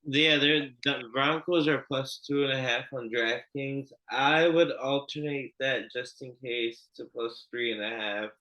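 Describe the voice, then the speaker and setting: A man's voice: medium pitch, a little slow, hardly any pauses, lo-fi sound. A man co-hosting a sports betting podcast, talking loosely and with swearing, repeating points as he goes. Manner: loose, profane, repeats himself. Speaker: podcast co-host. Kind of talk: casual sports betting chat.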